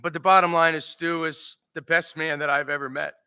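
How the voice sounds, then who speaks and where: A man's voice: fairly high pitch, flat delivery, brisk, sharp tone, clear, resonant tone. A man giving an emotional eulogy for his father at a memorial service, telling funny stories and laughing through them.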